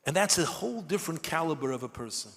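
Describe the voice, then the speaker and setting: Rabbi, male, impassioned preaching with a high, bright voice in an echoing event hall. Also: expressive, quick pace. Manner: impassioned, building to shouted cries. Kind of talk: sermon at a large gathering. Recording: long hall reverb.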